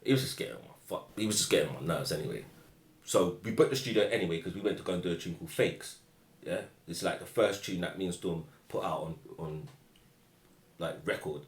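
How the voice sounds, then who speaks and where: A man telling a casual anecdote, full of slang, acting out the people he quotes in loud shouted bursts. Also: low voice, fast, a little hiss or hum. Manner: animated, acts out shouted quotes, slang-heavy. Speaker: guest storyteller. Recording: echoey room.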